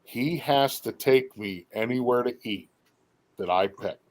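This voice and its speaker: A man's voice: medium pitch, unhurried. Man telling teasing stories, casual. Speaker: guest. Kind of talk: casual chat.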